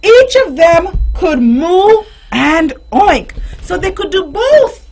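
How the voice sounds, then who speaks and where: A woman reads a children's story aloud in a high, very expressive voice that swoops up and down. She speaks slowly and gently, pausing to quiz a child and playfully voicing animal sounds. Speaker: host reading a picture book to a child. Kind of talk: storybook reading with teaching questions. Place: radio studio.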